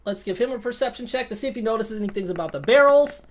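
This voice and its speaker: A woman narrating a tabletop game as game master, excitable, swearing casually and laughing often. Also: on the high side, fast.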